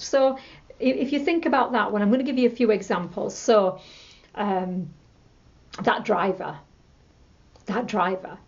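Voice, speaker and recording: A woman teaching a tapping technique, calmly repeating example phrases as she explains. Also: medium pitch, dull audio. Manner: calm, repetitive, demonstrates scripts aloud. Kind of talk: instructional talk to camera.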